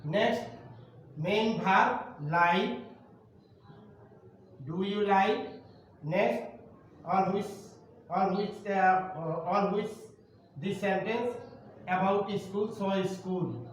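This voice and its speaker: A man with a Bangladeshi accent teaching an online English grammar lesson to primary students, explaining slowly and repeating himself. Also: high voice. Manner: slow, repetitive explaining to students. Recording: roomy, distant, faint noise.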